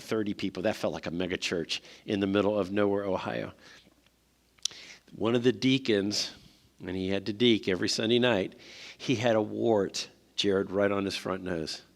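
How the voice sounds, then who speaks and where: Man giving a seminar talk in a hall. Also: lowish voice. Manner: conversational, asks the audience questions. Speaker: speaker at a parent seminar. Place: church hall. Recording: long hall reverb.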